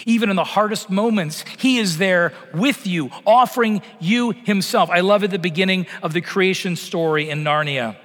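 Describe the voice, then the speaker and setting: A middle-aged man preaching a sermon, swelling loud on promises and sinking to a near-whisper at the ends of phrases. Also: sits high, normal speed, hardly any pauses. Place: church sanctuary. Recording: long church reverb.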